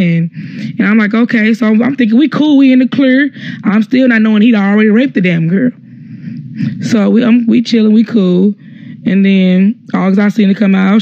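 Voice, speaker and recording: A young man with a notably high voice rambles through a tense personal story, swearing freely and acting out the exchanges. The audio is dull and lo-fi, like a phone live stream, and sounds dry and close. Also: gravelly, no room sound. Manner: rambling, heavy swearing, acts out quoted exchanges.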